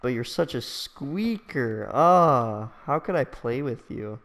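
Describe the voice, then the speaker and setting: A man's voice: medium pitch, animated, slow pace, fairly bright tone, big-room sound. A young man hosting a gaming session, teasing a friend with crude jokes and frequent laughter. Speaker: gaming channel host. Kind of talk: casual gaming banter.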